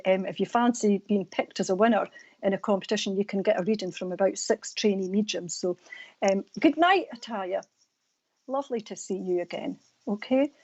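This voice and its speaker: A woman's voice: medium pitch, muffled recording. A Scottish woman with an East Coast accent, a psychic medium doing readings and chatting with viewers on a live stream. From Scotland. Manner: chatty, warm sign-offs to viewers.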